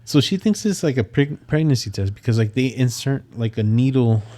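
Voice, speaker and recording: A man's voice: mid-range voice, lively intonation, a little fast, dark tone. A young man co-hosting a podcast, talking in a casual, rambling way with lots of fillers and swearing. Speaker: podcast co-host. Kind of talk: casual chat.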